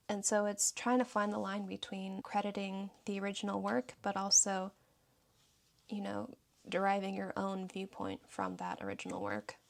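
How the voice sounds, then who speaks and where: A woman's voice: medium pitch, vocal fry. A woman talking through her journal pages in a casual, reflective way, reading quotes aloud now and then. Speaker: journaling YouTuber.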